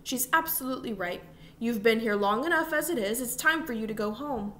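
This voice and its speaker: A woman reading the part of a stern but weary father in a storybook, measured and slightly sad. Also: fairly high pitch, animated, fairly bright tone, a little hiss or hum. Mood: probing.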